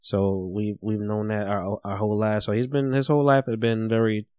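A man hosting a casual podcast, who talks haltingly and in a soft, subdued way. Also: fairly low pitch, level tone, dry recording. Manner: halting, soft-spoken and subdued during the tribute. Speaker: podcast host.

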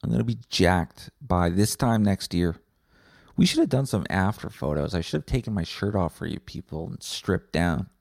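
Male podcast host, low dark voice, swearing rant. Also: expressive, moderate pace, gravelly, no echo, studio quality. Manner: profane, combative ranting. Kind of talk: comedic rant monologue.

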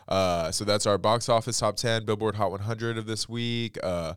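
Stuffy-nosed guy hosting a pop podcast, low voice, smooth and dry, lots of likes and ums. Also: steady tone, moderate pace, dry recording. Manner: chatty, many fillers like "like" and "um". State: congested from allergies. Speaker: podcast host. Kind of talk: casual pop culture chat.

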